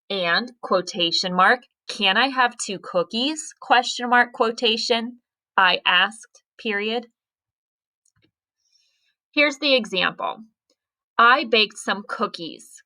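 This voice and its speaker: A woman's voice: mid-range voice, pushed and bright. A woman teacher giving a recorded grammar lesson, carefully spelling out punctuation step by step.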